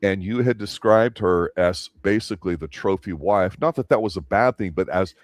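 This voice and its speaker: Male co-host, very deep voice, steady analytical commentary. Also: no echo, clean studio sound. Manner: measured, analytical, explains with finance terms. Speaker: co-host of a TV review show. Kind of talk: casual review discussion.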